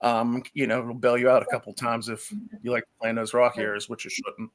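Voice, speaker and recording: An eager man talking gear on a live online show, tripping over his words as he hurries to explain. His voice sits at an ordinary pitch, and his delivery is loose and unpolished. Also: flat delivery, a little fast, a crowd in the background. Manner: enthusiastic, rambling with many restarts. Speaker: guest from a magnet fishing gear maker. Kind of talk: casual livestream chat.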